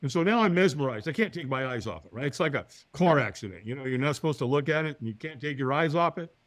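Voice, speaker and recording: A man telling a personal story as a podcast guest, acting out the other people's lines in higher voices and often checking in with "right?". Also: quick pace, dry recording. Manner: acts out quoted voices, often with a higher pitch; lively, talks to the listener with "right?".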